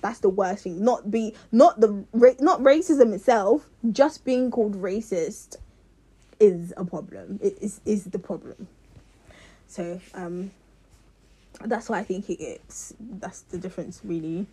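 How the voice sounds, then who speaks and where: A woman's voice: mid-range voice, a little slow, dark tone, husky. A young woman ranting to her viewers in a passionate, rambling way, with many restarts. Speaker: vlogger. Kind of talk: casual rant to camera.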